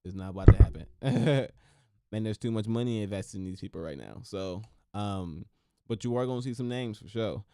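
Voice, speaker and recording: A low-pitched male podcast host talking in an easygoing, slangy way and repeating phrases for punch. His voice sits close to the microphone in a dry, unechoing space. He comes across as animated and joking. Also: normal speed, smooth, no echo. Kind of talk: casual commentary.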